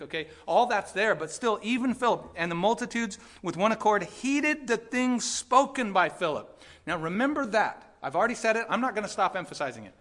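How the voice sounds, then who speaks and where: A man preaching a sermon in a casual, emphatic way, driving his points home again and again. His voice is bright and sits a bit high for a man. He talks to the congregation directly, breaking off for quick asides. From California. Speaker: pastor.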